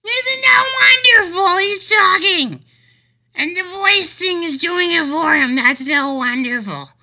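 A man putting on the voice of a gushing, condescending woman stranger who talks slowly and overly sweetly. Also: extremely high pitch, bright, forceful tone, voice pushed up, full character voice. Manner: overly sweet, slow, patronizing exclamations.

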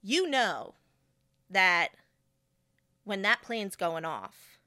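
A woman's voice: medium pitch, extremely slow, no room sound, studio quality. A young adult woman hosting a podcast, telling a story in a casual way and acting out the people in it. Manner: animated, quoting people in put-on voices. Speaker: podcast host.

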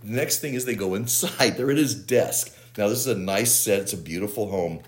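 A man co-hosting a podcast, retelling an episode's plot in a casual, animated way and laughing as he goes. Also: on the low side, fairly quick. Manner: animated storyteller, laughs while retelling plots. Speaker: podcast co-host. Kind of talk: casual episode recap chat.

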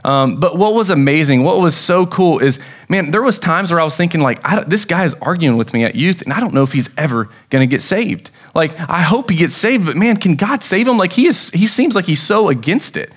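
Young American male pastor, slightly raised pitch, casual storytelling sermon with excited bursts. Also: a little fast, few pauses.

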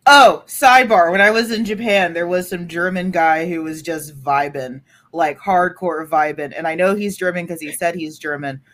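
A woman from Texas co-hosts a casual podcast. She talks in an animated way, swears freely and leans on sarcasm. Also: on the low side, moderate pace, hardly any pauses. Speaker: podcast co-host. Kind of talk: casual discussion.

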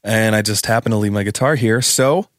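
A man's voice: lowish voice, fairly quick, a bit bright, no room sound. A man co-hosting a podcast, chatting casually about studio production and laughing as he explains. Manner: easygoing, laughs while explaining. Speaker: podcast co-host.

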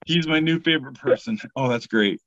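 A man's voice: mid-range voice, brisk, a bit bright, highs cut off, a little hiss or hum. A man hosting a podcast, reading memes aloud in casual, profane comedic chat. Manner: laid-back, profane, breaks into sung bits.

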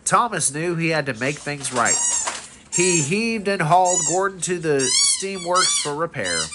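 A father reading a picture book aloud to his son, expressive with small slips. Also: fairly high pitch, measured pace, background noise. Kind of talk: bedtime storybook reading.

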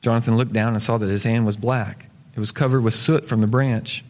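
A male pastor reads a story to his congregation in a steady, mid-pitched voice and slows down on key lines. He is recorded in a church sanctuary, where a long reverb trails his words. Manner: steady storytelling, slowing for emphasis. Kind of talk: sermon, reading a story aloud.

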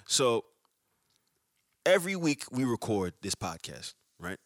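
A man co-hosting a podcast, talking loudly and passionately in a casual, heated debate. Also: mid-range voice, sing-song, a little slow, no echo, studio quality. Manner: loud and passionate, talks over others. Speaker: podcast co-host.

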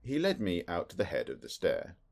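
A man narrating a classic detective story in a measured, expressive reading. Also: sits low, creaky. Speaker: audiobook narrator. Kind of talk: scripted narration.

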